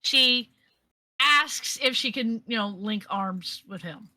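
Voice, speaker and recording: A woman's voice: fairly high pitch, lively intonation, takes it slowly, pushed and bright, rough recording. A woman playing a character in a tabletop game, starting hesitantly with stammers. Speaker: player. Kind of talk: casual tabletop role-play narration.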